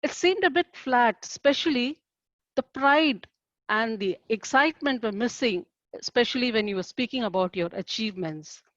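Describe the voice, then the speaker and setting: A woman's voice: a little high, fairly bright tone, no room sound. Lady evaluating a speech, encouraging and formal, dull lo-fi call sound, dry. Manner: measured, formal and encouraging feedback.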